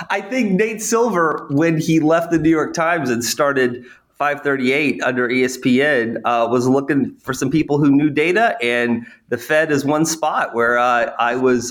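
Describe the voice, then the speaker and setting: A man's voice: mid-range voice, a bit bright. A man being interviewed as an economist guest, talking hesitantly with many fillers. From New England.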